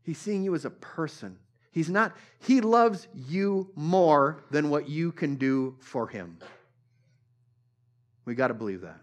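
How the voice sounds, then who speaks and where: A male pastor preaching a sermon at a church service, repeating phrases for emphasis and swinging between loud and hushed. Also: a little high, animated, takes it slowly.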